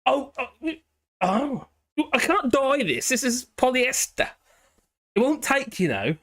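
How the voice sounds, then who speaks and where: A hoarse man hosting a live stream, chatting in a rambling, cheeky way and giggling often. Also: very high voice, big pitch swings, slow, a bit bright. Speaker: livestream host. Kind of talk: casual live-stream chat. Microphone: headphones with a small speaker.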